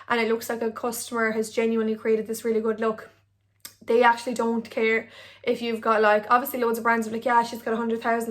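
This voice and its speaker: Chatty young woman, flat bright voice. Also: a little high. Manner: chatty, rambling, filler-heavy. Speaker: Instagram blogger. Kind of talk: casual talking-head vlog. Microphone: phone on ring light.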